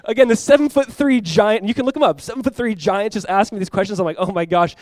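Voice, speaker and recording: A young adult male pastor from Southern California preaching a sermon, telling a story in a quick, animated way and acting out the voices he quotes. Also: high-pitched, no room sound.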